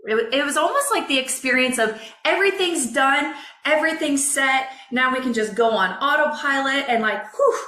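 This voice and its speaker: A woman coach, a podcast guest, telling a personal story in a candid, emotional, expressive way. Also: sits high, moderate pace, hardly any pauses, reverberant.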